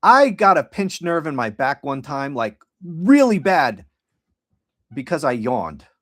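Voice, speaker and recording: A man's voice: fairly high pitch, sing-song, takes it slowly, fairly bright tone, no room sound, studio quality. A middle-aged man hosting a podcast livestream, talking casually in a rambling, sardonic and profane way. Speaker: podcast host.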